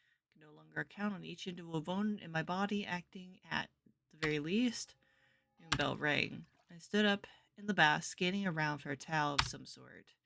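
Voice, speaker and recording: A woman's voice: fairly low pitch, a bit bright, slight background noise. Tired woman reading a game aloud. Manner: sleepy, rambling. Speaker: gameplay streamer. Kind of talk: reading a visual novel aloud while playing.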